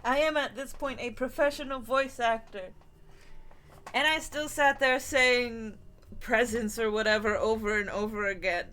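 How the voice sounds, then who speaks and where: A woman voice actor chatting casually while streaming a game, animated, laughing often and swearing freely. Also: on the high side, a little slow. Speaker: streamer playing a narrative game. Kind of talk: casual chat and reading game text aloud.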